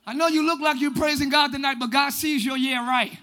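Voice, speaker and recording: A male pastor preaching a sermon in church, animated and often shouting, acting out little quoted voices along the way. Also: very high voice, fast. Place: church sanctuary.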